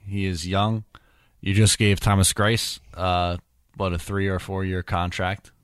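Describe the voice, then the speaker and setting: Low-voiced easygoing podcast host. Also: male voice, flat delivery, measured pace, clear, resonant tone, no room sound, clean studio sound. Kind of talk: casual sports talk.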